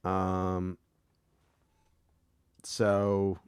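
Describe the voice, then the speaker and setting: Rambling American man with a low voice. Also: completely flat delivery, drawn-out words, clear, resonant tone, no room sound, studio quality. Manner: rambling, swears often, many restarts. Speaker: podcast co-host. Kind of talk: casual chat.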